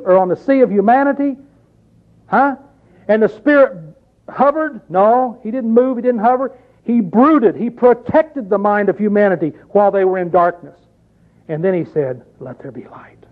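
A man preaching a sermon, reading scripture aloud and asking his listeners pointed rhetorical questions in an emphatic way. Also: high-pitched. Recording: tinny phone-like recording.

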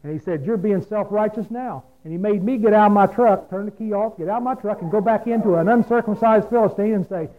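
A man's voice: sits high, quick pace, hardly any pauses. A man preaching a folksy, plain-spoken sermon, often asking his listeners questions. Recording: phone-like lo-fi radio broadcast.

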